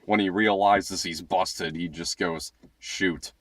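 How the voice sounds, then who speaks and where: A man on a casual film review panel who talks hesitantly, filling his pauses with "uh." His voice sits very low for a man and is recorded dry and close. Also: steady tone, no room sound. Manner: hesitant, lots of "uh".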